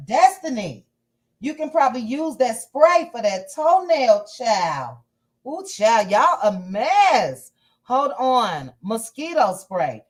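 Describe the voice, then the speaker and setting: Female livestream host, playful and animated, with a lively pitch that swoops up and down. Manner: animated, playful, drawn-out exclamations. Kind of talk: casual livestream chat reading viewer comments.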